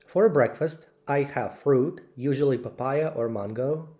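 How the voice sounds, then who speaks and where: A man slowly reading out English vocabulary lists for learners, word by word with clear pauses. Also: mid-range voice, dark tone, muffled recording. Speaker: English teacher. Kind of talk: slow vocabulary drill.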